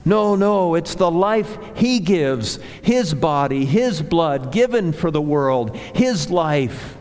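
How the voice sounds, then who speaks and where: A man preaching a sermon as a pastor, slow and deliberate, building emphasis through repeated phrases. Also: on the high side, animated, a little mellow. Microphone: handheld or clip mic that slipped. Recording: long hall reverb.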